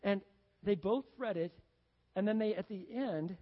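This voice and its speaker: A man's voice: high voice, a little slow. A man preaching a sermon to his congregation in a conversational, storytelling way, acting out jokes as he goes. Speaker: pastor. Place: church sanctuary. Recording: dull sound in a reverberant hall.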